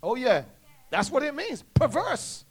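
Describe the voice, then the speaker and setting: A man's voice: very high-pitched, huge pitch swings, unhurried, creaky, breathy edge. A male preacher delivering a sermon, calling for responses and often restarting his sentences. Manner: call-and-response, stammering restarts.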